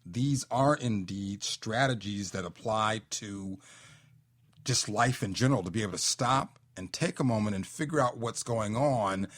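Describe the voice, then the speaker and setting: A man's voice: lowish voice, unhurried, a bit bright. A male host asking thoughtful, inquiring questions in an interview. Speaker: show host.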